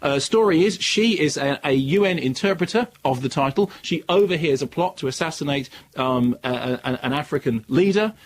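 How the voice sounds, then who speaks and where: A man reviewing a film on the radio, sardonic and animated, ranting with mocking asides. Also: fairly high pitch, normal speed, few pauses, slight background noise. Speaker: film critic.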